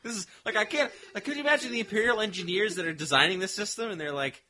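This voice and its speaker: A man's voice: high voice, rapid-fire. A man chatting casually as a podcast co-host, hesitant with many restarts, acting out lines he quotes. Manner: hesitant, many fillers and restarts, lively quoting. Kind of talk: casual chat.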